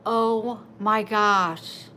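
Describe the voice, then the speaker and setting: Woman at home, soft cooing pet talk, slow and gentle, noisy home recording. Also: mid-range voice, fairly even intonation, roomy sound, far from the mic. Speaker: pet owner. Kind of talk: baby talk to pets. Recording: background noise.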